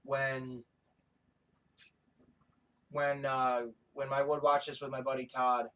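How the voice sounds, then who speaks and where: A man co-hosting a podcast in casual chat, excitable and profane, often breaking into laughter. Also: mid-range voice, slow. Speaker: podcast co-host.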